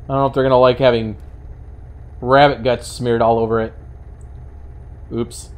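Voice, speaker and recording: A man's voice: medium pitch, flat delivery, moderate pace, a little mellow. New York-accented male host, wry and chatty, talking over a game with truck engine noise behind. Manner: wry, chatty, mock-indignant rants. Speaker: gaming channel host. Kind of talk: casual gameplay commentary.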